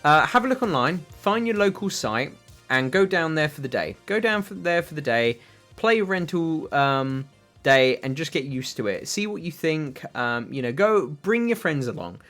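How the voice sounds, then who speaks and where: A man's voice: fairly high pitch, big pitch swings, normal speed, fairly bright tone, soft background music. Chatty British man hosting a livestream. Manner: rambling, filler-heavy, answers chat questions. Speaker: livestream host reading chat. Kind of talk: casual livestream chat.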